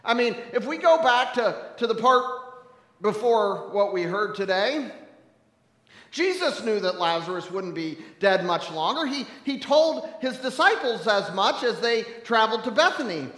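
A man preaching a sermon as pastor, conversational and wry, shifting between humor and hushed grief. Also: high voice, lively intonation, measured pace, roomy sound, big-room sound.

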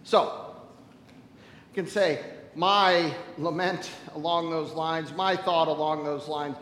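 A man preaching a sermon as a pastor, telling stories animatedly and swinging from loud to hushed. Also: a little high, steady tone, takes it slowly, roomy sound, in a large hall, slight background noise, low-quality recording.

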